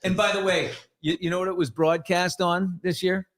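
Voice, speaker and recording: A middle-aged male host riffs through a casual live morning show in a fairly high voice. He sounds blunt, sarcastic and sure of his opinions, and now and then he slips into mimicking someone else. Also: level tone, normal speed, over a noisy crowd. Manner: mimics other voices in quotes.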